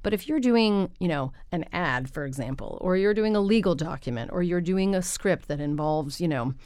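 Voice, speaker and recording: A woman who runs a voice-over and translation business, talking about her work as a podcast guest in an enthusiastic, animated way. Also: on the low side, clean tone, no echo, clean studio sound. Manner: enthusiastic, animated, talks fast when excited. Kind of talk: casual conversational interview.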